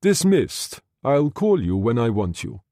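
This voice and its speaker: A man voicing a composed, brisk officer who dismisses a subordinate with easy authority. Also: mid-range voice, big pitch swings, dark tone, no echo, clean studio sound.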